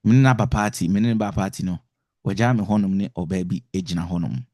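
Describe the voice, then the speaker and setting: A man's voice: low voice, a little fast, mellow, no echo, studio quality. A man with a Ghanaian accent giving an informal lecture on emotions to couples, switching between Twi and English and repeating words for emphasis. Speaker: relationship teacher.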